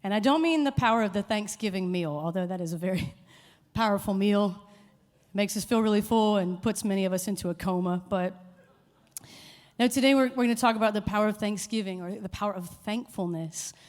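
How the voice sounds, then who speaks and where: A woman's voice: medium pitch, brisk, darkish tone. A woman leading a congregation in a light, playful talk, quizzing the audience and getting them to call out answers. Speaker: worship leader giving a short church talk. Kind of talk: informal sermon with audience call-and-response. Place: church hall with a live congregation. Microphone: handheld microphone. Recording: long hall reverb.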